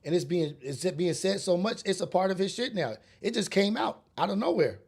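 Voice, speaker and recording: A man's voice: sits high, lively intonation, brisk, darkish tone, husky. A man hosting a solo podcast, ranting bluntly and preachily with street slang and cursing. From raised in a rough urban neighborhood. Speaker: podcast host. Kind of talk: casual solo podcast monologue.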